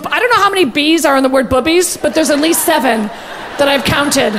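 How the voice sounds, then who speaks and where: High gravelly woman doing loud gossipy standup, faint noise behind. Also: fairly quick. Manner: brash, gossipy, profane. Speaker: stand-up comedian. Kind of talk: stand-up comedy. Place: comedy stage.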